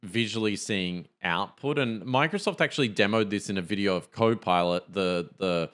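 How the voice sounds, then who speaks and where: Man, low voice, podcast co-host, skeptical, hesitant, frequent restarts. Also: normal speed, a bit bright. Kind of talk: casual tech chat.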